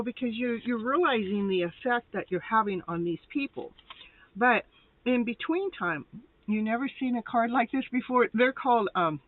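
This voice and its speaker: A woman's voice: a little high, no echo. Breathless chatty woman reading tarot. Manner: chatty, rambling, laughs often. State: short of breath. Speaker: tarot reader and live show host. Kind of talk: casual live tarot reading. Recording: tinny phone-like line, dry.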